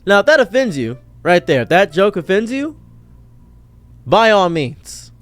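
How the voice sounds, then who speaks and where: A young man ranting through a reaction commentary with a fairly high-pitched voice. He sounds exasperated, flaring into loud outbursts and then dropping into quick muttered asides. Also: big pitch swings. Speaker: commentary streamer.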